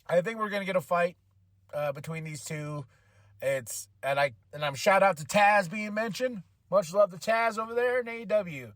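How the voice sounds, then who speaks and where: Excitable man recapping wrestling, dry close mic. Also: high-pitched, unhurried, no room sound. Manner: animated, acts out quotes in changing voices, laughs often. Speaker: podcast host. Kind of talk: casual wrestling show recap.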